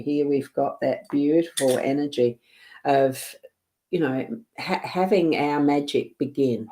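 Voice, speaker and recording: A woman with a South Australian accent giving a rambling, gentle card reading on a livestream from her home desk, often laughing. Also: sits low, measured pace. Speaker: psychic card reader.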